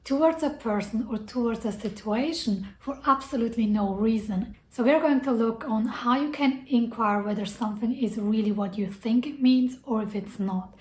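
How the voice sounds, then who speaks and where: A woman talking earnestly and reflectively to camera about personal growth, using a lot of casual "like" fillers. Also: a little high. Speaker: self-development vlogger. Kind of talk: personal advice talk to camera. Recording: echoey room.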